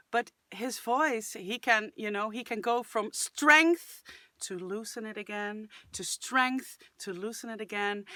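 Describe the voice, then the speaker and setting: Woman, vocal coach, bright lively voice, unhurried, shouted demo cries and sung snippets. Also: medium pitch, dry recording. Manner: demonstrates sounds with sudden loud shouted cries; chatty, enthusiastic, breaks into sung fragments. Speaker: singing channel host. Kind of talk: reaction video with vocal tips.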